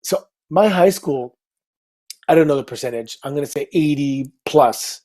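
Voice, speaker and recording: A middle-aged man, a guest on a talk show, telling a story in an upbeat, casual way with quick asides. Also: a little high. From Canada. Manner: lively anecdote teller, upbeat, quick asides.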